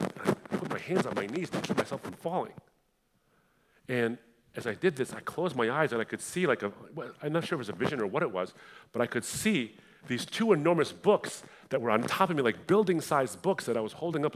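A young adult man from the Middle East giving a passionate personal testimony in a sermon style, moving between hushed and fiery delivery. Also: medium pitch, lively intonation, brisk.

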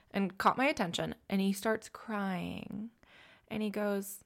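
A woman's voice: medium pitch, steady tone, unhurried, vocal fry. A young woman, an ICU nurse co-hosting a podcast, telling a heartfelt story in casual chat and dropping to a whisper for quoted words.

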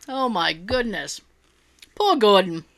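Bright, lively woman chatting. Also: medium pitch, no room sound. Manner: animated, laughs often, swears freely. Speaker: podcast co-host. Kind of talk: casual chat.

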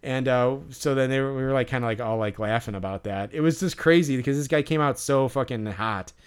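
A man's voice: medium pitch, a little fast, clean tone. A man co-hosting a podcast, telling a story in a rambling casual way with lots of fillers and restarts. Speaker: podcast co-host.

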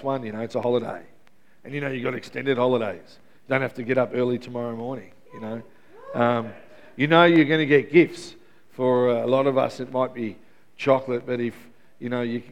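A pastor in middle age delivers an Easter sermon. He keeps it conversational and throws questions out to the congregation. His voice sits at an ordinary pitch for a man.

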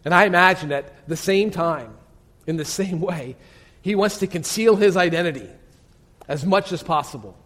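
A man preaching a sermon as pastor, telling the story dramatically and often dropping to a hushed voice, with direct questions to his listeners. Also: high-pitched, moderate pace.

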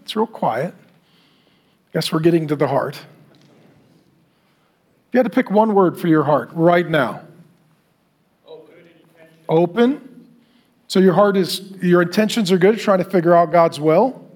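A man's voice: high voice, a little slow, long pauses. A middle-aged man preaching to a men's group, telling stories and acting out the people in them with asides to the group. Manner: animated storytelling, acting out quotes with asides to the group. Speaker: pastor leading a men's group. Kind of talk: sermon.

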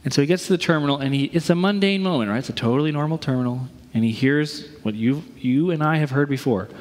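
In a large church auditorium, a middle-aged pastor preaches a sermon, animatedly telling a story and voicing its characters. His voice sits on the high side and moves quickly, carried by the long reverb of a big hall.

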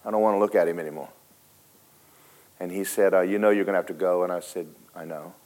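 A man preaching a sermon, telling a story dramatically, switching between loud and hushed and talking straight to the congregation. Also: sits low, fairly even intonation, fast talker. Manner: folksy, speaks to the congregation directly.

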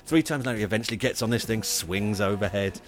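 A man, co-hosting a comedy podcast and telling a rambling, animated story. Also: on the low side, quick pace. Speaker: podcast co-host. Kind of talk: casual comedy chat.

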